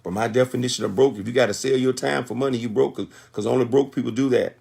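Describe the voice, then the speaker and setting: A man's voice: medium pitch, fairly even intonation, fast, creaky, darkish tone, slightly rough. A man in his sixties giving a motivational talk on a conference call, emphatic and repetitive like a sermon. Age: 60s.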